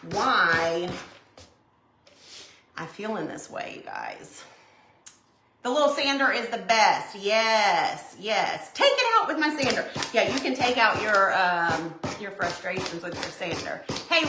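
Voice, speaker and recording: A middle-aged woman hosting a crafting livestream, chatting excitedly with viewers as she works. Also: mid-range voice, background noise. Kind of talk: casual live chat while crafting. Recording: echoey room.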